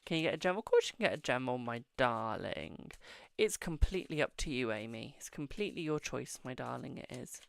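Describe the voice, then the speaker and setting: A man's voice: medium pitch, sing-song, a little fast, gravelly. A man hosting a casual live-stream tarot reading, chatting affectionately with viewers and calling them "my darling".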